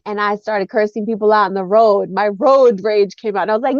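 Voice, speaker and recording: A woman guest chatting casually, telling jokey, animated stories and acting out quotes. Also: medium pitch, fast, hardly any pauses, no room sound, muffled recording. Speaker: guest co-host. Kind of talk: casual chat.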